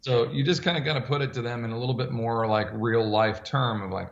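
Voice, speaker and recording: A man's voice: mid-range voice, fairly quick, creaky, hardly any pauses, roomy sound, dull audio. A man who coaches strength training for older adults, answering interview questions and acting out dialogue as he tells stories. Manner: animated storyteller, acts out dialogue.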